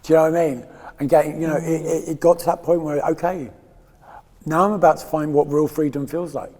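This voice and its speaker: A man's voice: a little high, steady tone, brisk, a little mellow, long reverb tail. A man in his fifties from England, guest in a candid interview, talking in a rambling, emotional way with frequent laughs and restarts. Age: 50s.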